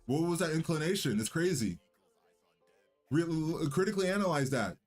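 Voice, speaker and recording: A man's voice: fairly high pitch, lively intonation, moderate pace, a little mellow. Young male streamer, casual cocky banter, rambling, faint music behind. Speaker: livestream host and musician. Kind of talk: casual livestream chat.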